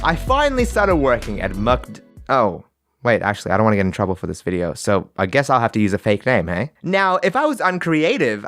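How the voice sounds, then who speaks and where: A man's voice: a little high, a bit bright. A young man from Australia with an Australian accent, narrating a comic story in a joking, self-mocking way.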